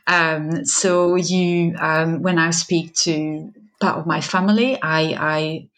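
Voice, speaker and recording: A woman's voice: low voice, fairly even intonation, slow pace, fairly bright tone. A woman from southwest France, a teacher with a French accent whose first language is French, telling stories in a podcast interview. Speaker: teacher, guest.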